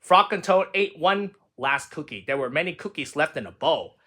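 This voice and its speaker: A man reading a children's storybook aloud with expressive, lilting narration. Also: a little high, normal speed. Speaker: storybook reader.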